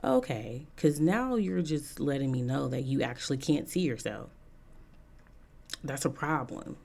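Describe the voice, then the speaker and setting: A woman's voice: very deep voice, lively intonation, unhurried, vocal fry, darkish tone. A woman giving a casual opinion monologue as a vlogger, frank and chatty with many "um" fillers and repeated points for emphasis.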